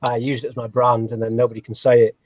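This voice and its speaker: A man's voice: medium pitch, flat delivery, fast talker, a little mellow, slight background noise. A man, a snake breeder guest, talking in a rambling, self-deprecating way with many fillers and restarts. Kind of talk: casual interview chat.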